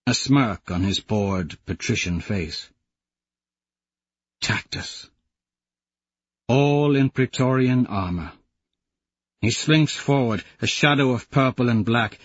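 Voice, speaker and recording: A man narrating an audiobook in the first person, in a measured storytelling manner. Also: lowish voice, husky, no room sound, lo-fi sound.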